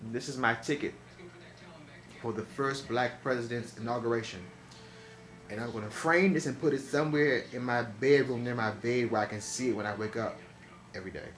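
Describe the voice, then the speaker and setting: A man's voice: mid-range voice, normal speed, echoey room. A chatty young man, talking casually to camera at home. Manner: chatty, talks straight to viewers. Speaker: vlogger. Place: indoors at home.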